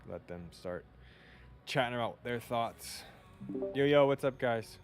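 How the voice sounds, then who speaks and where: A man's voice: medium pitch, expressive, a little slow, soft background music. A man hosting a podcast, talking loosely and offhand with plenty of fillers. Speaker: podcast host. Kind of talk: casual chat.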